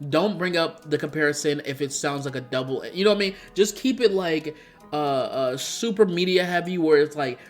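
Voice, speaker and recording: A man's voice: fairly high pitch, fast talker. A young man ranting casually in an opinion vlog, rambling and exasperated, full of slang and fillers. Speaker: YouTube commentator. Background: faint background music.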